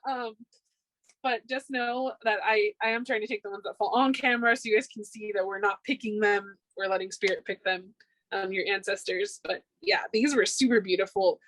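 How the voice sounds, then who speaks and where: A woman's voice: medium pitch, normal speed, fairly bright tone, dry recording, low-quality recording. A woman giving a casual pick-a-card tarot reading, upbeat and chatty, with frequent ums. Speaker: tarot reader.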